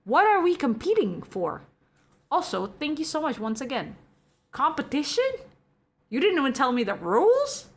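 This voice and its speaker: A young woman streamer chatting casually with her viewers and reading the chat, giggly and chatty, going from soft to excited. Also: high-pitched, moderate pace.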